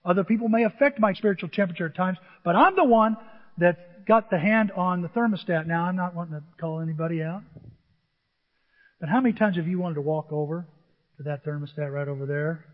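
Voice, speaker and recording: A pastor preaching a sermon, building to emphatic outbursts and mimicking churchgoers' complaints in mocking voices. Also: male voice, high-pitched, brisk. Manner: emphatic, rising to near-shouts on key words. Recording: dull audio with long church reverb.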